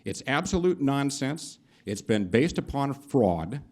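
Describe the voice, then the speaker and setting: A man's voice: mid-range voice, big pitch swings, a little slow, darkish tone. A middle-aged man giving indignant, emphatic public testimony in a county board meeting room. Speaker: public commenter.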